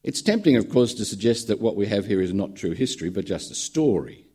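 A man preaching with a husky, slightly breathy voice. His pitch swings widely as he tells a story with dry humour, and his tone is dark and mellow. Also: big pitch swings, fairly quick. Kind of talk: sermon with a told joke.

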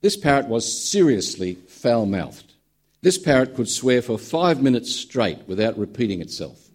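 Husky, animated preacher. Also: male voice, medium pitch. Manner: conversational storyteller, dry humour. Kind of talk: sermon with a told joke.

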